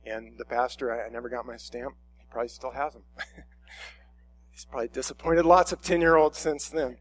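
A man's voice: mid-range voice, flat delivery, a little fast. A middle-aged man preaching a sermon in a conversational, storytelling way, often restarting his sentences. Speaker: pastor.

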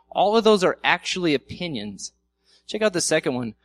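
A man's voice: fairly high pitch, very animated, a little fast. A man preaching a sermon in a church in a conversational way, acting out quoted arguments with humor. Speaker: pastor.

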